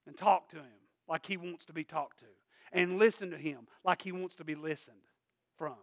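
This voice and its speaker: A man preaching a sermon in a church, asking "Amen?" again and again and swinging from quiet asides to loud emphatic peaks. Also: fairly high pitch, normal speed, no echo, studio quality. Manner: call-and-response preaching, repeated "Amen?". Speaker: pastor.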